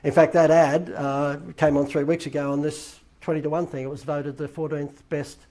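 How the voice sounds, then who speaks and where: A man's voice: fairly high pitch, little pitch movement, normal speed, warm tone. An Australian man hosting his own show, telling a rambling anecdote and acting out the dialogue he quotes. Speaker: host. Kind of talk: casual anecdotal storytelling.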